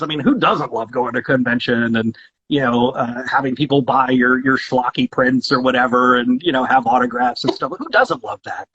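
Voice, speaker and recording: Husky, talkative man voice actor. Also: medium pitch, fairly bright tone, dull audio. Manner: talkative, with frequent restarts and fillers. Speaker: guest voice actor. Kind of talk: casual interview chat.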